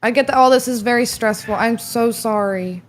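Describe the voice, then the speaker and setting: A woman calmly reassuring a friend in casual chat on a stream. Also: a little high, normal speed. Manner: soothing, reassuring.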